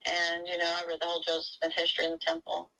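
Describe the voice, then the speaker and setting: A woman talks in a casual, animated way, running through a long story and acting out what people said. Her voice sits fairly low, with a gravelly edge and a bright, forward tone. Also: racing, poor audio. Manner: animated storytelling, acts out quotes. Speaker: interviewee. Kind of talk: casual recorded conversation.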